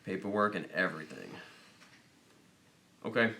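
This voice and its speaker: A man hosting a casual livestream, reading viewer questions aloud and thinking out loud in a rambling, jokey way. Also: low voice, normal speed, creaky, roomy sound. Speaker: host of a motorcycle dealership livestream.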